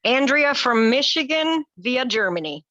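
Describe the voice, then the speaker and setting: A woman's voice: high voice, animated, a little slow, pushed and bright, dull audio. A woman introducing herself on a video call, polite and friendly. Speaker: meeting participant.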